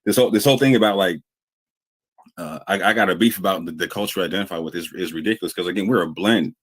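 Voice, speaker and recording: A deep-voiced man speaks quickly and earnestly. He rambles and leans on fillers and restarts as he explains. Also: fairly bright tone, slightly rough. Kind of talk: casual conversation.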